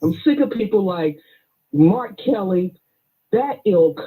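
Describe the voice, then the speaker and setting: A woman's voice: medium pitch, lively intonation, takes it slowly. A woman calling in to a radio show, speaking in an indignant, emphatic way. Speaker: caller. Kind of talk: call-in phone conversation. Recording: tinny phone line.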